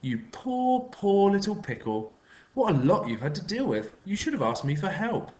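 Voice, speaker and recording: A man's voice: high voice, big pitch swings, moderate pace, darkish tone, lo-fi sound, voice pushed up. A man voicing a scheming middle-aged woman neighbour who talks in a sugary, trilling way full of pet names.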